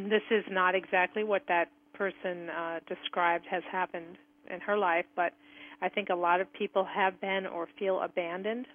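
A woman hosting a radio talk show, friendly and organized, giving listeners reminders. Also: fairly low pitch. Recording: tinny phone line.

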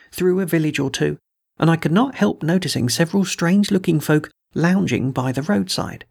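A man reading a first-person adventure story aloud in a measured, dramatic way, giving the dialogue some voice. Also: on the high side, creaky, slightly rough. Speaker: audiobook reader.

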